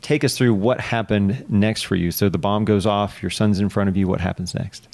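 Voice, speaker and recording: A man's voice: on the low side, fairly even intonation, moderate pace, vocal fry, darkish tone. Hesitant, friendly podcast host, man. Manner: friendly, hesitant, many fillers and restarts. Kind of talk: interview hosting.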